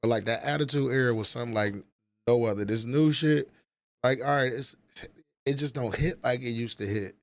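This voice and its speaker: A man's voice: medium pitch, a little fast. Profane rambling man on a livestream. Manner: profane, rambling, nostalgic storytelling. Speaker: livestream host. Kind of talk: casual livestream chat.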